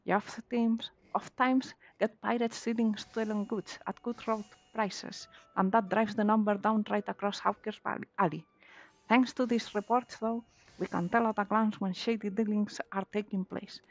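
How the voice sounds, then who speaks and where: A woman voicing a gruff male pirate harbor official in a drawling put-on growl while reading game dialogue. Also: mid-range voice, fairly even intonation, normal speed, highs cut off, natural voice.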